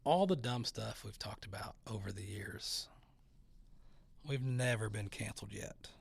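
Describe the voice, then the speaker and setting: A man's voice: fairly low pitch, unhurried, creaky, slightly rough, no echo. A middle-aged man hosting a talk show, ranting in a sarcastic, casual way and mocking the people he describes. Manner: sarcastic, mocking imitations of others. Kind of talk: casual opinion monologue.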